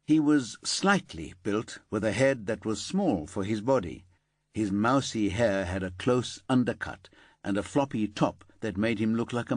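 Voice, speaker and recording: A man narrating a thriller audiobook in an expressive storytelling manner. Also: on the low side, no echo, clean studio sound. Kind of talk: scripted narration.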